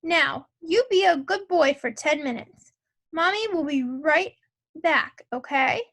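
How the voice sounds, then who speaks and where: A woman's voice: sits high, slow pace, a bit bright, heavily acted. A woman reading a storybook aloud and voicing a flustered, harried mother who sounds anxious and pleading. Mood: fretful.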